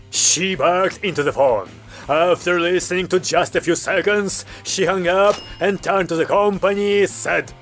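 A male audiobook narrator with a lively, swinging delivery. Soft music plays faintly underneath his reading. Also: high-pitched, a little slow.

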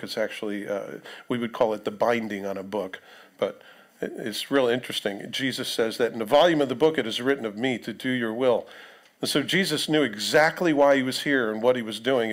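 A man at a mid-range pitch delivers a sermon as a pastor. He talks in a loose, conversational way, breaking off for asides and questions to the listeners. He reads the scripture passages aloud. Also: brisk.

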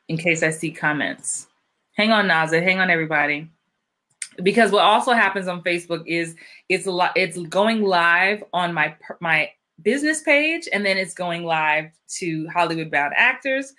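A woman's voice: fairly low pitch, sharp tone. A woman hosting a live-streamed interview as an acting coach, upbeat and chatty, greeting viewers by name.

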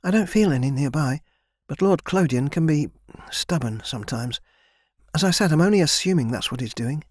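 A man's voice: a little high, lively intonation, moderate pace, a little mellow, breathy edge, no room sound, clean studio sound, pitched above the performer's own voice. A male audiobook narrator voicing a guarded, scarred young servant girl who speaks in a wary, bitter way.

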